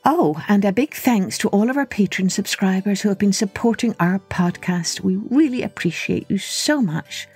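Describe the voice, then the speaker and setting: A woman hosting a children's podcast, telling a story in an expressive, unhurried read-aloud manner. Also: medium pitch, breathy edge, soft background music.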